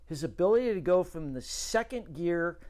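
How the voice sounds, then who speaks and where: A man's voice: sits high, expressive, moderate pace, a little mellow. Earnest middle-aged male host. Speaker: show host. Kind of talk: casual chat.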